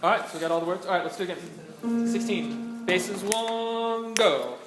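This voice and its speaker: A man running a choir rehearsal, giving brisk directions, counting in and singing lines to show the way. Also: on the high side, over loud music. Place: rehearsal room. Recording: echoey room with choir singing.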